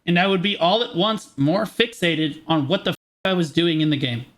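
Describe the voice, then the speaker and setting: A man streaming reaction commentary in a casual, profane, excitable and jokey way. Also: on the high side, moderate pace.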